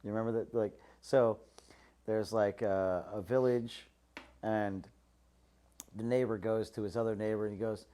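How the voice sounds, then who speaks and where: A man hosting a podcast in casual chat, acting out quoted voices with big jumps in pitch. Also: steady tone, normal speed, long pauses, dark tone.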